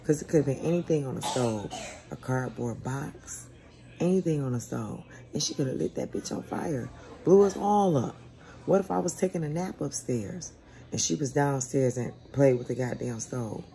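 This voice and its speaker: Gravelly, low-voiced woman in her forties. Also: normal speed. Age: 40s. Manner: blunt, profane, animated storytelling. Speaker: vlogger. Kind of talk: casual storytelling rant.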